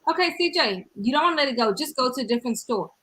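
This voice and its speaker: South african lady hosting a podcast, kinda high voice, animated and emphatic. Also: racing, poor audio. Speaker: podcast host. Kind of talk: casual chat.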